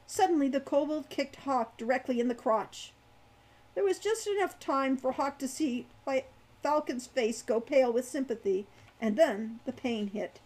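A woman reading her own young adult fantasy novel aloud in a lively storytelling way. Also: high-pitched, normal speed. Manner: animated narration.

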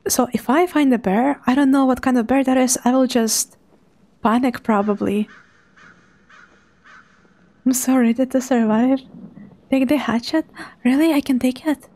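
A young woman, quietly commentating a live game stream in a hushed, soft voice. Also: high-pitched, moderate pace, pauses often. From Russia. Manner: hushed, softly spoken to avoid making noise.

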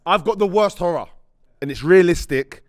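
A man's voice: sits high, moderate pace, no room sound, clean studio sound. A man, voicing strong opinions in a casual group chat. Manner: assertive, opinionated. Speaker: podcast panelist.

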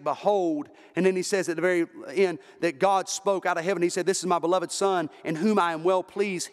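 A Southern American man preaching a Baptist sermon with fervor, his voice sitting high for a man. He builds to shouts at the peaks. His words ring through a church sanctuary with a long reverb tail. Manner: fervent, rises to shouting at peaks. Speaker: pastor.

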